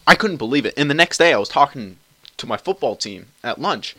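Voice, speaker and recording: Bright-voiced young man ranting. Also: medium pitch, lively intonation, a little fast, no echo. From Canada. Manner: rambling, crude and profane, many restarts. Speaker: podcast host. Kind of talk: casual solo podcast monologue. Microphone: cheap computer mic.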